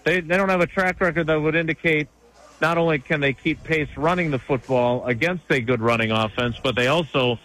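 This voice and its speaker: A man's voice: fairly high pitch, fairly quick, a bit bright, poor audio. A man co-hosting a casual sports talk show, giving chatty, emphatic analysis with frequent restarts.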